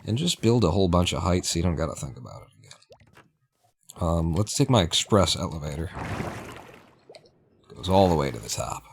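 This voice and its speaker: A man's voice: sits low, sing-song, normal speed, vocal fry, pauses often, slight background noise. A man livestreaming as he plays a game, chatting in a rambling, opinionated way and laughing at his own jokes. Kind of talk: casual gameplay chat.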